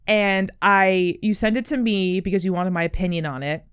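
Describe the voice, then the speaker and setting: A young adult woman co-hosting a podcast chats casually in a medium-pitched, clear, resonant voice at normal speed. She's earnest and encouraging, leaning heavily on "like" and "um."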